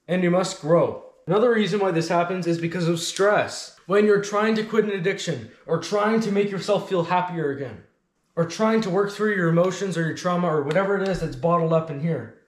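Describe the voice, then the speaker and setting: Male self-improvement host, high-pitched, blunt and commanding, echoey room. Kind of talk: motivational talk to camera.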